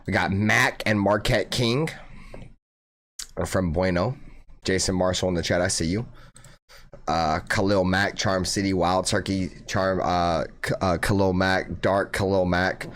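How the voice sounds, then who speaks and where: A man hosting a fan live stream, chatting casually with his viewers and swearing freely. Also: low-pitched. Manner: excitable, swears, bursts into loud mock wailing. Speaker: fan channel host.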